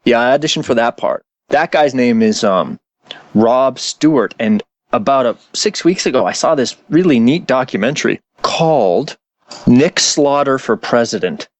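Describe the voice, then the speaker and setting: A man's voice: mid-range voice, lively intonation, normal speed, no room sound. Guest actor, male, chatty storyteller with easy laughs; dry close mic. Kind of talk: casual podcast interview.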